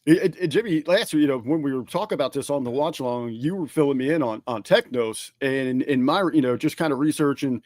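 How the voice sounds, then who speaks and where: Animated man host, dry close sound. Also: mid-range voice, quick pace, hardly any pauses, no echo. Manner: animated, repeats words when excited. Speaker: podcast co-host. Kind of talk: casual chat.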